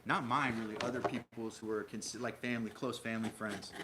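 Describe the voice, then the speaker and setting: Fast and fairly even in intonation, this medium-pitched male voice belongs to a Minnesota livestream host. He talks casually with viewers, responding to comments out loud while rambling, restarting, and using many fillers. The audio carries loud background noise and clicks.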